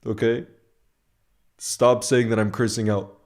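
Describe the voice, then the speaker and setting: A young man hosting a live football watchalong, chatting casually with his viewers and bursting into loud shouts when his team scores. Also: medium pitch, level tone, measured pace. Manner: laid-back, chats with viewers, then erupts into loud shouting at goals. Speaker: football fan streamer. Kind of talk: live watchalong commentary and chat.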